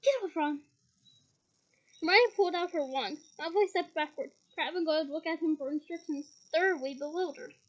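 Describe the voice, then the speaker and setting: A woman's voice: very high-pitched, brisk, hardly any pauses, fairly bright tone, highs cut off. A woman reading a novel aloud, breaking off now and then with chatty asides. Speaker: audiobook reader.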